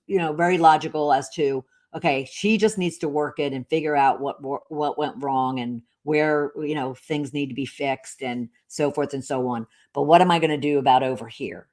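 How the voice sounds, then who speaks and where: A middle-aged woman with a notably low-pitched voice hosts a podcast and tells a personal story. She speaks candidly and rambles, with lots of fillers and restarts.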